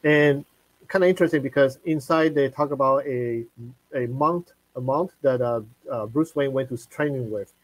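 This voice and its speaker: Halting male live-stream host, dry sound. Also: medium pitch, no room sound, low-quality recording. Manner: halting, many fillers and restarts.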